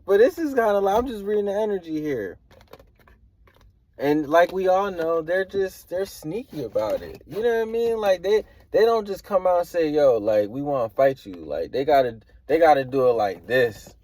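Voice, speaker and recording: A man's voice: high voice, very animated, normal speed, darkish tone. A man giving a casual tarot reading, rambling and hedging with slangy filler talk. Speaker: tarot reader.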